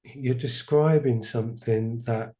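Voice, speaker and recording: Man, podcast host, mellow dark voice, reflective, halting. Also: medium pitch, fairly even intonation. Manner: thoughtful, searching for words, halting. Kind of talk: reflective spiritual conversation.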